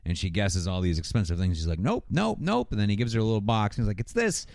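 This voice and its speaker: A man's voice: low-pitched, racing, a little mellow, no room sound, studio quality. A man in casual chat, recapping a TV episode and acting out the characters' lines in shifting voices. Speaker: podcast host recapping an episode.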